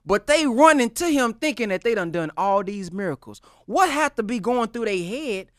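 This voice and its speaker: A man talking like a preacher in a relaxed group chat, his voice swinging from low, hushed asides up to loud punches. He uses street slang and acts out the voices of the people he quotes. The sound is dry and close to the mic. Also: moderate pace, dry recording. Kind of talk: preaching-style casual talk.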